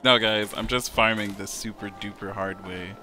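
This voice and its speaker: A man's voice: fairly low pitch, steady tone, moderate pace. A man streaming a video game, counting out his moves and swearing as he vents his frustration at it. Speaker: gaming streamer. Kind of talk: let's play commentary. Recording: game music playing behind.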